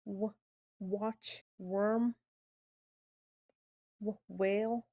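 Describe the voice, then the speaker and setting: A woman's voice: mid-range voice, fairly even intonation, warm tone. A woman teaching a phonics lesson, sounding out letters patiently and checking in with "okay?". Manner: drawn-out demonstration sounds, frequent "okay?" checks.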